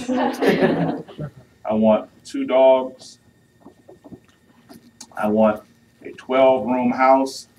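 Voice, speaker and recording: A man's voice: mid-range voice, sing-song, very slow, long pauses, a little mellow. A man giving a youth talk on marriage, playful and acting out what couples say, with a live audience. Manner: playful, acts out couples' lines with audience laughter. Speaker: youth speaker. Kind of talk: sermon. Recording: distant mic with faint noise.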